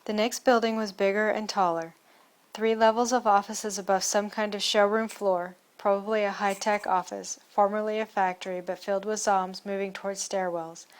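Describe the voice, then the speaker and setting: A woman narrates an adventure novel in the first person, keeping her reading steady and measured. Her pitch sits mid-range and barely moves, giving the telling an even, level sound. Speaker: audiobook narrator.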